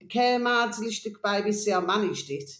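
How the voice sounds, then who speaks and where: A woman's voice: medium pitch, fairly bright tone. Rambling, echoey woman vlogger. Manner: rambling, repeats phrases and spells out titles slowly; fond pet phrases to viewers, sombre tone. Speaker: channel host. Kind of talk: casual video commentary.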